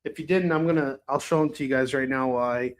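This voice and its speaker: Talking quickly with fairly even intonation at medium pitch, a male live shopping show host keeps up a casual livestream chat. He chats loosely, laughs, and swears freely.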